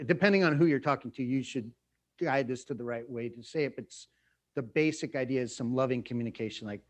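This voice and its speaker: A middle-aged man preaching in a relaxed, conversational way, joking and laughing at himself often. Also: mid-range voice, fairly quick. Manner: playful, self-mocking, jokes and laughs often. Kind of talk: conversational sermon.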